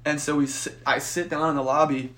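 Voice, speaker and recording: A young man co-hosting a podcast, telling a profane story in a casual, animated way and acting out the voices in it. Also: fairly high pitch, fairly quick. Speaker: podcast co-host.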